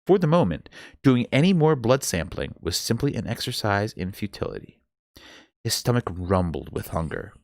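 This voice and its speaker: A man's voice: fairly low pitch, very animated, normal speed, no room sound, studio quality. A man reading a novel aloud live, telling it expressively with an occasional stumble. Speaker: book reader.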